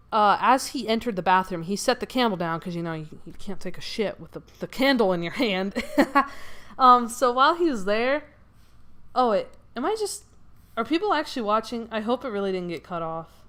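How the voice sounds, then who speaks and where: A woman casually telling a long dream story while she doodles, rambling with many fillers and growing excitable. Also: a little high, moderate pace. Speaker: streamer.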